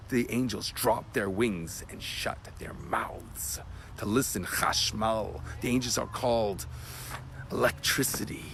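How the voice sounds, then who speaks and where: A man, a rabbi, giving an emotional Torah class that swings from loud bursts to hushed whispers. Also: fairly low pitch, creaky, slight background noise. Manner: animated, emotional teaching.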